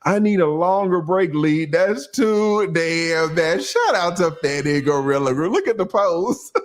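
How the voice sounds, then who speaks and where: Animated profane livestream host man. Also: mid-range voice. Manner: animated, profane, reads out chat shout-outs. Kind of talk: casual livestream commentary.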